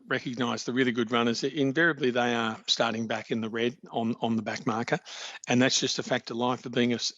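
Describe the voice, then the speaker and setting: A man, answering interview questions in a measured, informative way and praising the athletes. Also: mid-range voice, a bit bright, dry recording. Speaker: athletics league official guest. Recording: dry, dull-sounding podcast audio.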